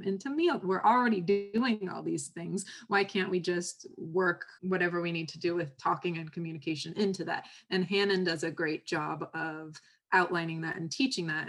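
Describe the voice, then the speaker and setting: A woman speaking as a podcast guest who gives parenting advice on speech, explaining patiently and brightening when she acts out example phrases. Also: lowish voice.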